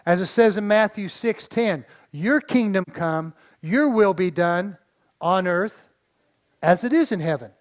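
In a church sanctuary, a middle-aged associate pastor delivers a sermon in a high-pitched, expressive, unhurried voice. He leans on folksy storytelling and call-and-response with the congregation.

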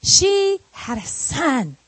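A woman preacher delivering a sermon through an animated, conversational retelling of a story. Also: sits high, very slow, dry recording.

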